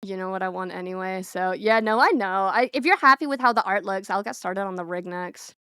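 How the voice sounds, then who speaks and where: A woman's voice: medium pitch, a little fast, sharp tone, clean tone, no echo, studio quality. A young woman VTuber streamer chatting casually and bubbly with her viewers, giggling often. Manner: bubbly, giggly, talks straight to chat. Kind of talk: casual live-stream chat.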